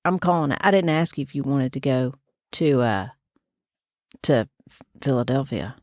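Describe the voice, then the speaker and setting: Excitable woman in her fifties. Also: rumbling low, moderate pace, no room sound, clean studio sound. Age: 50s. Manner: chatty and excitable, with lively cheering. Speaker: podcast co-host. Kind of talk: casual chat.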